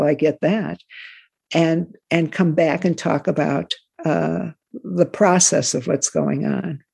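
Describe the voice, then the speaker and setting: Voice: medium pitch, steady tone, slow pace, creaky, a little mellow, breathy edge. A guest talking casually and giving explanatory parenting advice. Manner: advising, explanatory. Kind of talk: casual conversation.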